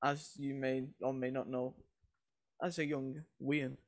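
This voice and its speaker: A man's voice: mid-range voice, flat delivery, measured pace, dry recording, studio quality. A young man, co-hosting a podcast in blunt, jokey, sweary casual chat. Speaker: co-host.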